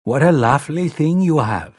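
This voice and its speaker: A dreamy, awestruck businessman with a faint Scandinavian accent, put on by a male narrator. His slow, wondering words come out in a husky, slightly breathy tone. The recording is close and dry, with no room sound. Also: a little high, animated, dry recording, voice pushed up. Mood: awed.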